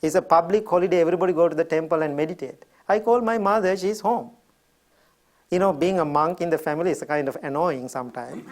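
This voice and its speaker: A middle-aged Buddhist monk with a Sri Lankan accent tells a personal story as part of a gentle dharma talk. His voice is on the high side and fast, and he chuckles often.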